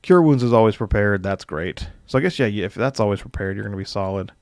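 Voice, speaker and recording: A man's voice: on the low side, lively intonation, fast, no echo, studio quality. A young man casually hosting a live stream as dungeon master, rambling with filler words and chuckling as he reads viewer comments.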